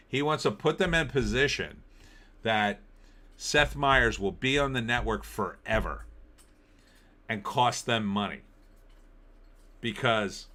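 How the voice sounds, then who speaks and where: A middle-aged man hosts a casual political commentary live-stream, rambling and opinionated as he reacts to entertainment headlines and viewer comments. His voice sits lowish with a sharp tone.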